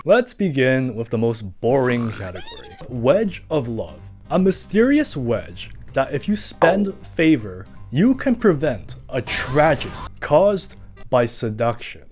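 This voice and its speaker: A man's voice: medium pitch, huge pitch swings, a little slow, a little mellow, soft background music. A man reading a scripted commentary in a casual, chatty way, full of asides. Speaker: video essayist.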